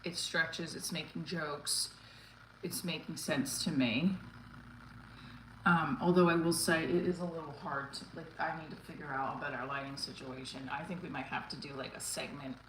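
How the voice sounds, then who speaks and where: Out of breath middle-aged woman doing a workout live, lowish voice, echoey room. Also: fairly even intonation, normal speed, a bit bright, slight background noise. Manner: chatty, reads and thanks chat comments mid-workout. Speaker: livestream host. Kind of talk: casual live-stream chat while exercising. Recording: roomy echo with faint ambience.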